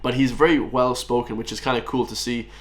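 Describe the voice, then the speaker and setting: A man's voice: medium pitch, steady tone, a little fast. Irish guy in his twenties, chatty reaction host, keeps saying guys, mid voice. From Ireland. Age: 20s. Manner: chatty, addresses viewers as guys, laughs often. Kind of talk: casual reaction commentary.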